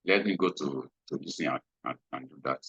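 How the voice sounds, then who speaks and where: A low-voiced man talks through a trading lesson, repeating phrases and checking in with a questioning "hmm?". His tone is bright and slightly husky. The recording is dry and a bit dull. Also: brisk, no echo. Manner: repetitive, checks in with frequent "hmm?". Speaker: trading instructor. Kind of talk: screen-share trading lesson.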